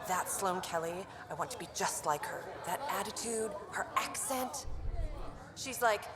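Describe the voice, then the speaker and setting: A woman's voice: medium pitch, animated, a little slow, natural voice. An actress playing a chatty young woman who works as a dancer in a pirate bar, gushing in a starstruck way. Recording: echoey game bar with crowd chatter.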